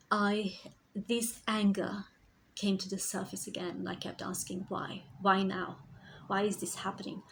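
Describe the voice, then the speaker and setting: Slow, gravelly-voiced woman telling her story. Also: mid-range voice, a little hiss or hum, poor audio. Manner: reflective, slow, sometimes drops to a whisper. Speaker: spiritual healer and therapist. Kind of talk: personal storytelling vlog.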